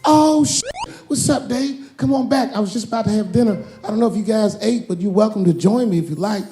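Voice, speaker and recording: A hyper little comedian who talks high and fast, as a stand-up comic impersonates him. He is eager and bouncy, and rushes his words. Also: dark tone, soft background music. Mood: excited. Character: small hyper famous comedian, eager host.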